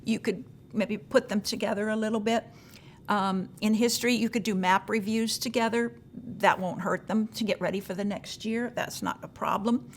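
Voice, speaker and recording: A woman's voice: medium pitch, fairly even intonation, normal speed, slight background noise. Woman coaching teachers, chatty and folksy. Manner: conversational, acts out teachers' questions in a raised voice; frequent fillers, gentle advice. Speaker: teacher trainer. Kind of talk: recorded teacher-training session.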